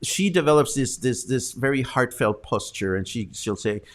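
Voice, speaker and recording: Casting: a casual male live-stream host, mid pitch, talking loosely with many fillers. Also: animated, moderate pace, hardly any pauses. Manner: chatty, rambling, lots of ums and uhs. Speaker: host of a live news show.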